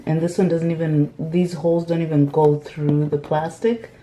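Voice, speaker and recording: A woman's voice: low voice, fairly even intonation, moderate pace, warm tone, slight background noise. A woman vlogging casually at home, chatty and rambling, with frequent fillers like "like". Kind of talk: casual unboxing vlog. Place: at home, indoors.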